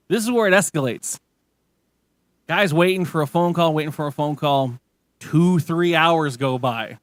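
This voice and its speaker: A man with a fairly high voice hosts a casual talk show, telling a long story in a loose, rambling way. He swears freely and restarts his sentences. The sound is close and dry. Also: fairly bright tone, no room sound. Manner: profane, rambling, lots of restarts. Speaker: podcast host. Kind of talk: casual chat, retelling a story.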